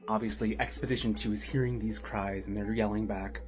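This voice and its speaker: A man's voice: lowish voice, steady tone, fairly quick, few pauses, a little mellow, breathy edge, faint music behind. A man casually telling a horror story, chatty with slang asides and dramatic build-up.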